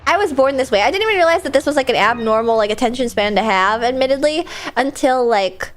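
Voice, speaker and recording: A woman's voice: high-pitched, expressive, quick pace. A young woman streaming a video game, chatting casually in a bubbly, giggly way. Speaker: VTuber streamer. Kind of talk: casual gameplay commentary.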